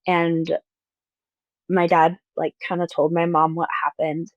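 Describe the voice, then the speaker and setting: A young adult woman on close mic, telling a personal story as an interview guest in a soft, hesitant way, with many likes and restarts. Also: on the low side, level tone, measured pace, no room sound, muffled recording. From Mormon-majority town in the US.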